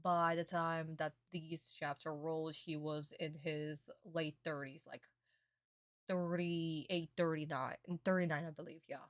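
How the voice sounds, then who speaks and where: A young woman streamer in a casual reaction stream, excitable and gushing, swearing often. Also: deep voice, measured pace, no room sound, studio quality.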